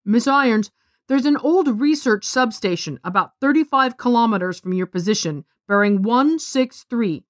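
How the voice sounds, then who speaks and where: A woman voicing a stern male station sergeant who gives calm, clipped commands over the radio. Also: a little high, normal speed, no room sound, clean studio sound, natural voice. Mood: firm.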